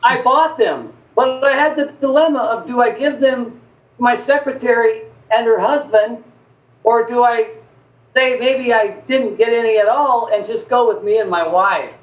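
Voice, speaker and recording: A man, a guest on a chat show, telling a long anecdote in a lively, chatty way and acting out the quoted voices. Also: extremely high pitch, normal speed, echoey room, phone-quality sound. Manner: animated storyteller acting out quotes. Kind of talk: casual storytelling chat.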